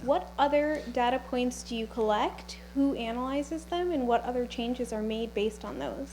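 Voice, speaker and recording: A woman from the audience asking the panel a prepared question in a measured way. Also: fairly high pitch, darkish tone, slight background noise, low-quality recording. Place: library community event.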